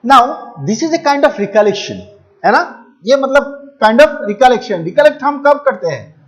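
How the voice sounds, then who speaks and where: High-voiced Indian male teacher. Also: expressive, racing. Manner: repeats words and mixes in Hindi explanations; addresses students as "my dear children". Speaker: English teacher. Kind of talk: classroom lesson explaining a textbook chapter.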